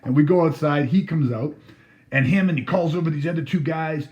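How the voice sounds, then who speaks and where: A man's voice: fairly high pitch, a little fast, darkish tone, dull audio. A man telling a story casually, laughing through his words and swearing freely. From Canada.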